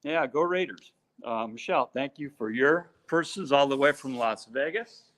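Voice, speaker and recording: Reading purse makers' names aloud, a middle-aged live-stream co-host keeps things chatty and joking, his speech packed with fillers. He has a medium-pitched, slightly bright voice and talks at normal speed.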